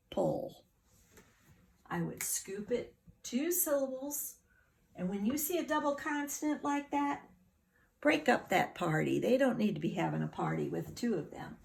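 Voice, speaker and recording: A woman's voice: mid-range voice, gravelly, darkish tone, slight background noise. A woman teacher giving a phonics lesson to children, patiently sounding words out syllable by syllable.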